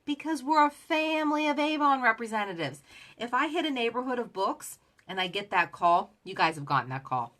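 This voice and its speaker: A woman's voice: a little high, sing-song, a little fast, sharp tone. A woman giving chatty sales advice who acts out both sides of the conversations she describes. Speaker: direct sales coach. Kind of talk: casual motivational talk.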